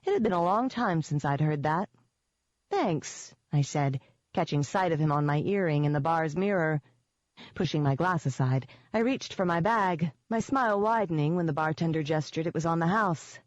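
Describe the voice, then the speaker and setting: Low-voiced woman narrating an audiobook. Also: animated, moderate pace, dry recording. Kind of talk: first-person fiction narration. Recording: dull dry lo-fi audio.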